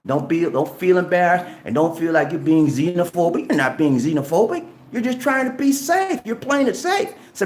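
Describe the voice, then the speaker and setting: Animated preachy man in an echoey room. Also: high voice, moderate pace, few pauses. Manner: animated and preachy, acting out little dialogues; colloquial, repeats "man" and "okay". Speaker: travel vlogger. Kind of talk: casual motivational talk to camera.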